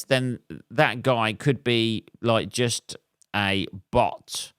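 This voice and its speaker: An English man talks alone on his podcast, drifting from thought to thought with wry, self-deprecating jokes and frequent ums. His voice sits a little low and comes across smooth and clean. The sound is dry and close, with no room around it. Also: a bit bright, no echo. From England. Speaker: podcast host. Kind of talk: solo rambling podcast monologue.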